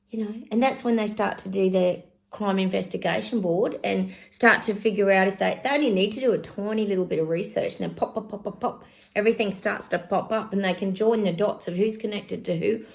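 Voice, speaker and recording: A woman's voice: medium pitch, brisk, creaky. A middle-aged woman casually giving psychic readings to her viewers, chatty and exclaiming as she talks straight to them. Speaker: psychic channel host.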